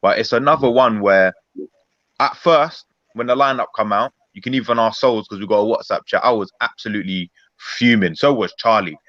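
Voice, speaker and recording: A man's voice: fairly low pitch, fairly quick, fairly bright tone, dry recording. A man giving an angry, rambling post-match reaction on a football chat stream. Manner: fuming, rambling, emphatic. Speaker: Arsenal fan panelist. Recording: dull lo-fi call audio.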